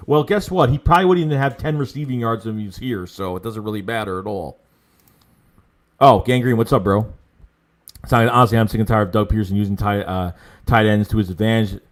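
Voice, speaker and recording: Young male livestream host, lowish voice, excitable and emphatic, riffing on viewer chat. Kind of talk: casual sports livestream, reading viewer chat.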